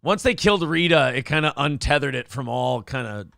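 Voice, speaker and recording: A man's voice: medium pitch, animated, fairly quick, vocal fry, a bit bright, dry recording. Profane joking male co-host, dry sound. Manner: profane, riffing, joking, acts out quotes. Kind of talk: casual comedic news chat.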